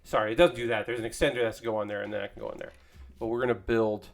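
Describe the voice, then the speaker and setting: A man's voice: on the low side, steady tone, racing, vocal fry. A man hosting a casual live stream, chatting in a rambling way with many fillers while he assembles a model kit. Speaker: streamer building model kits.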